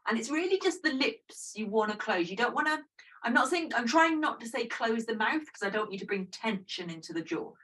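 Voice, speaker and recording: A woman guiding a yoga breathing practice in a gentle, chatty, self-deprecating way. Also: on the high side, lively intonation, brisk, distant mic, rough recording. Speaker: yoga teacher. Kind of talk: guided breathing instruction.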